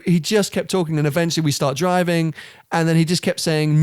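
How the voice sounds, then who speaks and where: A young man, a podcast guest telling travel stories in an animated, laughing way. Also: a little high, fairly quick, smooth, no echo. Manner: animated storyteller, laughs often. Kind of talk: casual chat.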